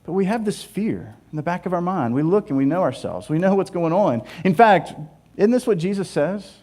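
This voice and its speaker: A man preaching a sermon in a church, animated and humorous, repeating phrases for emphasis. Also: sits high, fairly quick. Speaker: pastor. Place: church sanctuary.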